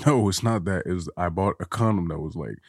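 Husky, deep-voiced young man, swinging pitch. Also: fairly quick, no room sound, studio quality. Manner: animated storyteller, laughs often, swears freely. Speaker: guest co-host. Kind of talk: casual podcast chat.

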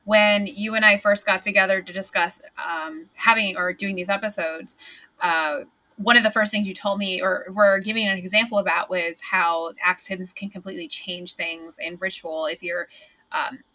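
A woman's voice: mid-range voice, steady tone, normal speed, pushed and bright. A woman hosting a podcast, chatty and enthusiastic. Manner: enthusiastic, chatty, laughs often. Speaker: podcast host. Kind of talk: casual podcast conversation.

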